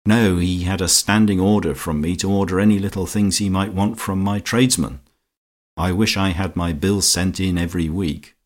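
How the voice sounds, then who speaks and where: A man's voice: deep voice, fairly even intonation, normal speed. A man doing a strangled, indignant society lady. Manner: strangled, bitterly ironic. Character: fussy indignant middle-aged woman, robbed.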